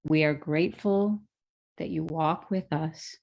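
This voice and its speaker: A woman co-hosting, speaking in a slow, affirming way. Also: low-pitched, vocal fry, a little mellow. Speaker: co-host.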